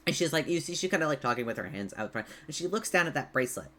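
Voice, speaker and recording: A woman's voice: sits low, lively intonation, very fast, a bit bright. A woman narrating a tabletop game as game master, casual and full of fillers. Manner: casual, laughing, filler-heavy.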